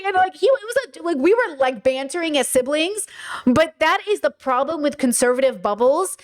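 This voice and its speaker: Animated high-voiced woman ranting. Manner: blunt, animated, swears freely, acts out quoted dialogue. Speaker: commentary host. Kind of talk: casual commentary monologue.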